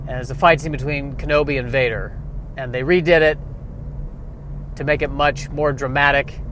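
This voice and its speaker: A man riffing through a rambling comedic monologue, self-mocking, dropping quiet and then bursting louder. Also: medium pitch, steady tone, normal speed, a little hiss or hum.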